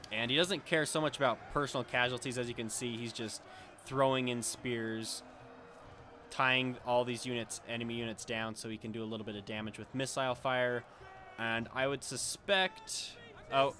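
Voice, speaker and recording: A young man casually commenting on a strategy game battle in a relaxed, rambling way, a little under the weather. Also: mid-range voice. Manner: relaxed and rambling, with frequent filler and self-corrections. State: slightly under the weather, occasional coughing.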